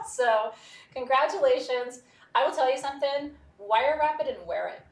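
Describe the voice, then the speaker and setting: A woman's voice: high-pitched, animated, a little slow. A woman hosting a live gemstone sales show, talkative and enthusiastic, chatting freely as she sells. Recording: roomy studio sound from a distance.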